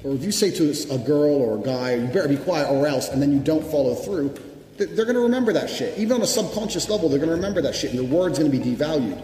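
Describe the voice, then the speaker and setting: A man's voice: fairly high pitch, expressive, fast, mellow. Brash motivational speaker, a man swearing hard and hammering each point, long hall echo. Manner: blunt, profane, emphatic. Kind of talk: motivational speech. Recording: echoey hall reverb with background music.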